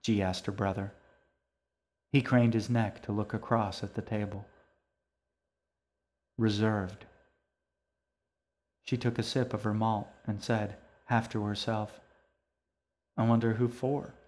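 Male storyteller, lowish voice, steady, calm narration. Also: moderate pace. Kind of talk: audiobook narration.

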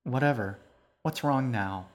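A man's voice: mid-range voice, a little slow, close to an everyday voice. Man voicing a cheeky young storybook girl. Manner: playful and teasing.

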